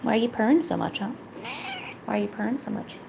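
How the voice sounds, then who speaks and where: A young woman streaming, coaxing and teasing her cat in a playful, high-pitched baby-talk voice. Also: quick pace, creaky, over music. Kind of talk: live-stream chat.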